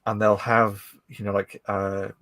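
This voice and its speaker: Low-voiced man explaining, dry close sound. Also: flat delivery, unhurried, fairly bright tone, no echo. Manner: explanatory, interjects, stumbles at starts. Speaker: podcast co-host. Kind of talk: casual chat.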